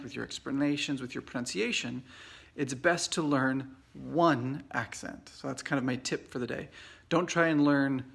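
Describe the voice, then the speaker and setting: An American man in his forties, with a medium-pitched, creaky voice, gives a casual English lesson over Facebook Live while away at a conference. He's an English teacher, and his delivery is relaxed and chatty, full of fillers and restarts.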